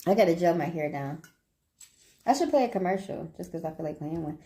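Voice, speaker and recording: A woman's voice: on the low side, expressive, fairly quick, mellow. A woman with a Southern accent, chatting casually with viewers on a livestream as a tarot reader, talking freely, swearing and laughing often.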